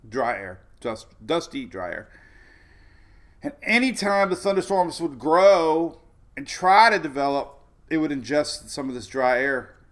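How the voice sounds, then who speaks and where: A man's voice: fairly high pitch, very animated, unhurried, a bit bright. A man hosting a casual weather livestream, walking through maps and rambling off topic in a chatty way. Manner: talks over weather maps on screen. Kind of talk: casual tropical weather briefing.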